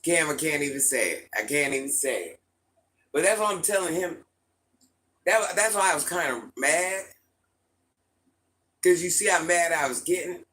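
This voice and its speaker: A middle-aged man hosting a casual livestream, telling stories and answering his chat in a lively, repetitive way. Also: a little high, normal speed, long pauses, rough recording. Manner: repetitive, animated storytelling, often restarts phrases. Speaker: livestream host talking to chat viewers.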